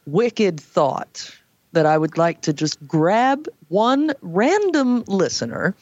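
A woman hosting a late-night call-in radio show, chatty and animated, with playful asides. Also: medium pitch, slow, dry recording, lo-fi sound. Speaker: radio talk show host. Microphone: headset.

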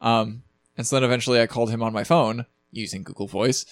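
A man co-hosting a podcast, talking in a relaxed, rambling way and restarting his sentences. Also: medium pitch, fast, no room sound. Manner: relaxed, rambling, repeats starts. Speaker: podcast co-host. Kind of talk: casual chat.

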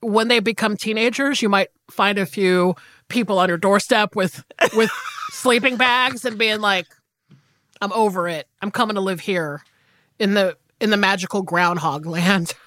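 A woman's voice: mid-range voice, normal speed, a bit bright, no room sound, clean studio sound. A woman co-hosting a podcast in casual chat, rambling through stories with lots of fillers. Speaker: podcast co-host.

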